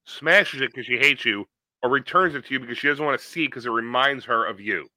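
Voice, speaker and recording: Blunt young man, bright dry voice. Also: mid-range voice, fast, no echo. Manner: blunt, deadpan comebacks. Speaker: podcast co-host. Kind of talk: casual chat.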